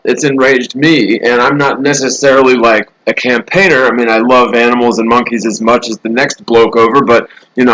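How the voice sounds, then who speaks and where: A man's voice: medium pitch, a bit bright, poor audio. A man hosting a casual live stream from a hotel room, rambling through the news with sarcastic asides. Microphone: laptop mic.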